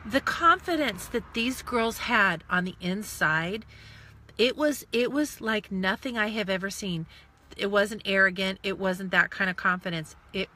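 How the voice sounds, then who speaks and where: A woman's voice: medium pitch, slight background noise. A woman in her forties, a sales team leader, talking emotionally and on the verge of tears in a live video chat recorded on a phone in her parked car. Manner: tearful, gushing and animated. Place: in a car in a parking lot.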